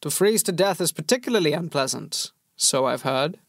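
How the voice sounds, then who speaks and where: A calm, calculating nobleman, as an audiobook narrator voices him, slow and deliberate in his words. The voice sits a little higher than the reader's own and softer than the narration, recorded dry and close. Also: no room sound. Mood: measured. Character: cool, measured noble male lord.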